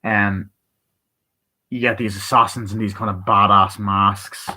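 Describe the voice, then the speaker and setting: A man giving a casual, rambling movie review full of swearing, who acts out scenes by quoting the characters in quick voices. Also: fairly low pitch, flat delivery, sharp tone, poor audio.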